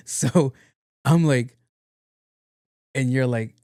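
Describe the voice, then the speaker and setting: A man from New York hosting a podcast, telling a story casually and animatedly. He acts out each person he quotes and laughs along the way. His voice sits at a middle pitch and is recorded dry and close. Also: slow pace, long pauses, a little mellow, no echo. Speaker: podcast host.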